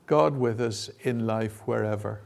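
A man's voice: lowish voice, a little slow, vocal fry, darkish tone. A man leading an informal sermon and Bible teaching session, talking conversationally with asides and fillers. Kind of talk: informal sermon with audience participation.

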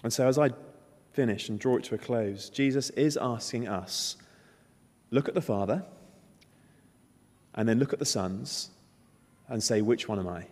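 Man, emphatic sermon, storytelling, mid-pitched voice, long hall reverb. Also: normal speed, long pauses, a little mellow. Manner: emphatic storytelling, acting out the characters' lines. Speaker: preacher.

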